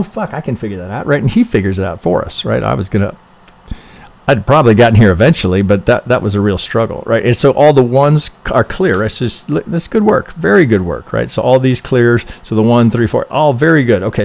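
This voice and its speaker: With a gravelly, mid-range voice, a man streams live while reviewing trading charts, musing casually, swearing freely, and asking "right?" after nearly every point.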